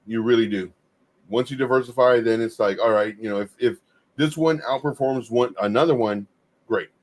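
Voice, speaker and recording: A man's voice: mid-range voice, moderate pace. Easygoing male co-host chiming in. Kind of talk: casual talk-show chat.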